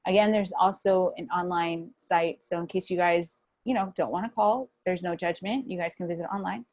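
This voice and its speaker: A woman's voice: on the low side, steady tone, normal speed, darkish tone, no echo. A woman speaking as a guest on a video call, talking loosely and encouragingly with many fillers. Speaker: guest speaker on mental health. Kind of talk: casual video call talk.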